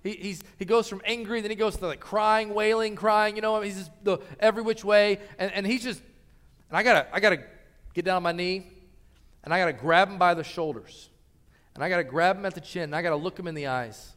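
A man in his thirties preaching a sermon in a large church hall, swinging from loud appeals to soft pleading. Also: high voice, brisk. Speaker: pastor. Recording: long hall reverb.

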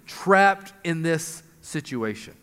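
A man's voice: fairly high pitch, expressive, slow, fairly bright tone, clear, resonant tone. A male pastor preaching a sermon in an earnest manner, rising for emphasis, in a church hall. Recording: long hall reverb.

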